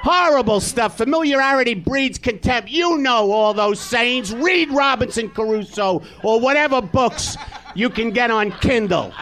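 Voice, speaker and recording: A man tears into a stand-up rant. His voice sits very high and sounds forceful and sharp. He is loud, profane and exasperated throughout. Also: animated, a little slow. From New York. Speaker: comedian guest. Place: live comedy theater stage.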